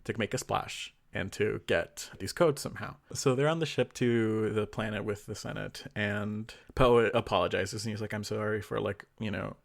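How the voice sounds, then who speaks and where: A man with a low, gravelly voice co-hosts a casual podcast chat. He retells a story in a loose, rambling way, full of fillers and quick quoted bits of dialogue. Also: fairly even intonation. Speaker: podcast co-host.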